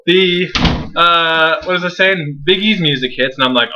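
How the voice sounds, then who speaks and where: Excitable young man, bright lo-fi voice. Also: fairly high pitch, moderate pace. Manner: excitable, jokey storytelling with acted asides. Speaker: co-host, divas correspondent. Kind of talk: casual wrestling review chat. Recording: lo-fi home recording.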